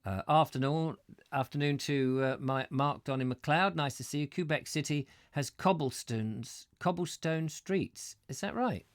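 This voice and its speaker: A man's voice: medium pitch, dry recording, studio quality. A man from England hosting a live stream, reading a book aloud and chatting casually about viewer comments, stumbling over names.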